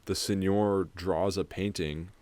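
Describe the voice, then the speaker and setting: A man's voice: low-pitched, fairly even intonation, darkish tone. A young man co-hosting a podcast, casually recapping a film, rambling and swearing freely. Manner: rambling, swears freely, acts out scenes in quick put-on voices. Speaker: podcast co-host.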